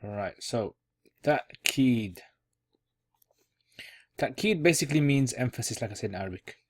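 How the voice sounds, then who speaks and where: A man gives an online Arabic grammar lesson casually, restating each key term and thinking aloud as he explains. His mid-range voice is animated and moves at a normal speed.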